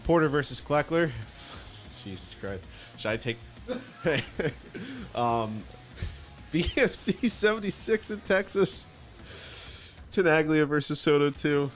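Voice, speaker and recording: A man's voice: on the high side, lively intonation, normal speed, faint music behind. A man co-hosting a podcast, flustered and stumbling as he reads the event schedule. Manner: flustered, laughing, stumbling over his read. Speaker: podcast co-host reading the schedule. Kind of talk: casual podcast chat.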